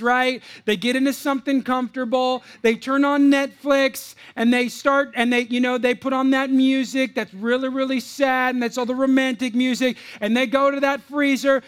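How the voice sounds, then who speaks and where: High-voiced playful male preacher. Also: a bit bright, clear, resonant tone. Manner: playful, joking with the congregation; frequent restarts and repeated words. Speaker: pastor. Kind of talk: sermon.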